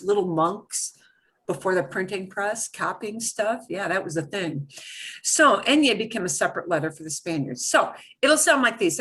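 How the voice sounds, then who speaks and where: A woman's voice: on the low side, pushed and bright, slightly rough. A woman teaching a beginner Spanish class over a video call, patiently modeling words for students to repeat.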